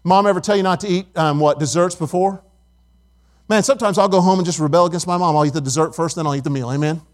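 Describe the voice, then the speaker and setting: High-voiced man preaching a sermon. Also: fast talker. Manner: conversational, asks the congregation questions, tells stories. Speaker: pastor.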